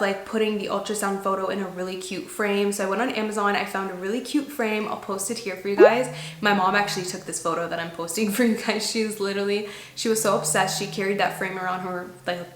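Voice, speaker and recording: A woman in her twenties telling a story to camera in a chatty, animated way, full of "like". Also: medium pitch. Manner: chatty, animated, heavy use of "like". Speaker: lifestyle vlogger. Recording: echoey room.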